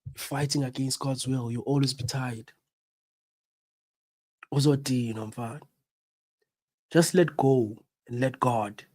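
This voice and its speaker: A man's voice: mid-range voice, fairly even intonation, takes it slowly, long pauses, darkish tone. A South African man hosting a radio show, who has the flu and coughs, speaking in an earnest, preachy way and repeating his points. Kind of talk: reflective talk-show monologue.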